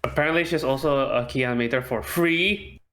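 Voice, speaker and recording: A man's voice: mid-range voice, brisk, fairly bright tone. A man co-hosting a casual movie podcast, chiming in with dry, wry remarks. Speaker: podcast co-host. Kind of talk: casual chat.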